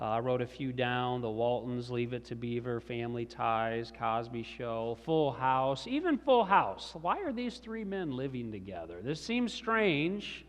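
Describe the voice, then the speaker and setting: A middle-aged man preaching a sermon in a conversational storytelling manner with chuckles, as the pastor. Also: medium pitch. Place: large church sanctuary. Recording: reverberant church hall.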